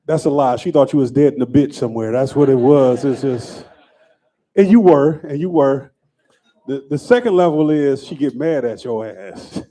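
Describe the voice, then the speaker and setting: Male comedy emcee, high voice, loud and laughing, works the crowd. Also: lively intonation, normal speed. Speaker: comedy show host. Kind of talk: stand-up hosting, crowd work.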